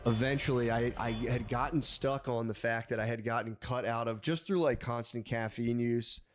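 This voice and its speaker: A man's voice: medium pitch, fairly even intonation, moderate pace, soft background music. A young man telling a long story in casual chat with friends, rambling, swearing, often laughing and restarting his sentences.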